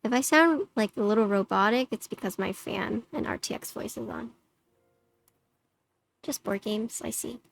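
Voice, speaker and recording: A woman with a fairly high, creaky voice talks at normal speed, chatting casually with her livestream viewers and saying "like" a lot. A noise-suppression filter gives her voice a slightly robotic edge.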